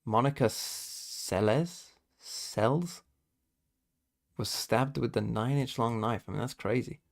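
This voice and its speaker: A man's voice: mid-range voice, measured pace, gravelly. British male streamer quizzing chat. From Britain. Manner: swearing, quizzing himself aloud and talking to chat. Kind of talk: casual live-stream chat.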